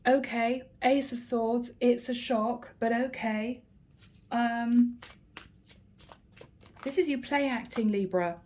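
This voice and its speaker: A woman's voice: on the high side, slow, pauses often, darkish tone, slight background noise. A woman giving a casual tarot reading to camera in a playful, teasing and slightly sarcastic manner. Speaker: tarot reader.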